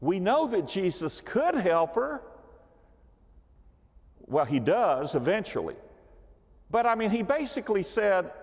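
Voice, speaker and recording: A man's voice: sits high, big pitch swings, a little slow, long pauses, big-room sound. A man teaching a church Bible study class, telling the story with animation and asking the class questions. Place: church hall.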